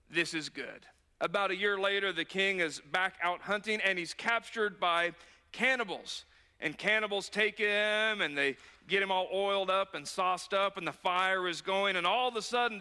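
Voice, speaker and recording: A bright, high-voiced man preaching an earnest sermon, telling stories in a conversational way. His voice rings through a church sanctuary with a long reverb tail. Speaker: pastor.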